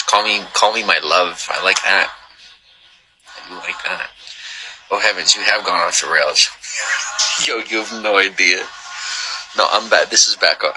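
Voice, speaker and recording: A man's voice: low voice, bright, forceful tone, poor audio. A man hosting a livestream, chatting casually with viewers and rambling with joking asides. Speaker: livestream host.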